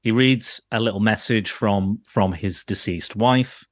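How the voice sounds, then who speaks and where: This adult podcast co-host grew up in the nineties and has a fairly low, unhurried voice, recorded clean in a studio with no room sound. He rambles through casual chat, putting himself down, swearing, and laughing a lot.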